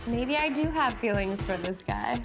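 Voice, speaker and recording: A woman's voice: fairly high pitch, lively intonation, normal speed, creaky, poor audio. Sarcastic, teasing woman, music behind. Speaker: former reality show contestant. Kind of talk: confessional interview.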